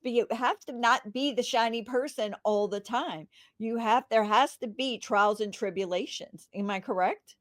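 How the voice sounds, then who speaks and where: Brief: woman podcast host, slightly high voice, eager and affirming. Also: normal speed, hardly any pauses, no echo. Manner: enthusiastic, affirming. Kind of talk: podcast interview.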